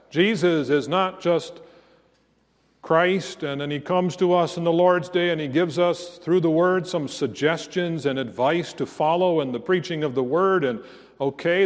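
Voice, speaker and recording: A man preaching a sermon as pastor, slow and earnest, rising to emphatic declarations. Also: on the high side, in a large hall.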